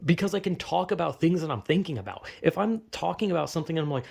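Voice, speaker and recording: A young man talks through a rambling, self-deprecating monologue, cursing freely and circling back with fillers. His voice sits slightly high and carries a gravelly rasp. He sounds close to the mic. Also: expressive, fast, few pauses, a little mellow. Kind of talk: casual self-reflective monologue.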